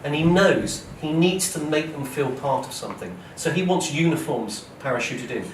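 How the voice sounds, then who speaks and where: A man, an author giving a lively storytelling lecture, acting out quoted speech and often checking in with "okay?" and "right?". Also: fairly high pitch, moderate pace. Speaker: author giving a public talk. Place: lecture hall at a museum. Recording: roomy hall, voice from a distance, faint noise.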